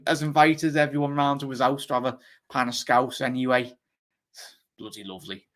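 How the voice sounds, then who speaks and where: Chatty Liverpool-accented football host. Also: male voice, fairly low pitch, a bit bright. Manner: chatty, fast, rambling with many fillers. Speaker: fan channel host. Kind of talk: live football chat reading viewer comments.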